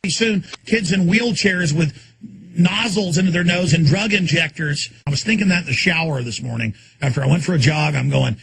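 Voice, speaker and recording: A man hosting a talk show, ranting erratically and suddenly exploding into shouts, speaking from a studio full of electronics. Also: on the high side, brisk, creaky, breathy edge.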